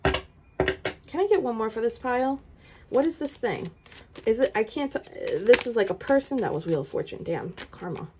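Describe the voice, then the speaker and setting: A woman's voice: a little high, expressive, normal speed, background noise. A woman giving a tarot reading straight to the viewer, urgent and emphatic, repeating her points. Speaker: tarot reader.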